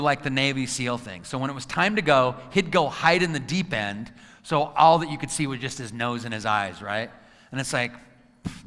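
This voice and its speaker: A man in his forties giving a live motivational talk, telling stories with acted-out quotes and asking the audience questions. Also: mid-range voice. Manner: animated storyteller who acts out quotes, asks the crowd questions. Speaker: motivational speaker. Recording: hall with long reverb.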